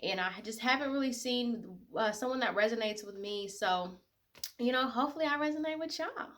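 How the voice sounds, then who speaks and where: Young woman, 20s, vlogger; bright, soft-spoken, sincere, loose casual delivery. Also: fairly high pitch, animated, fairly quick. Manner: emotional, tearful at times, many fillers. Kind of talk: casual personal talk to camera.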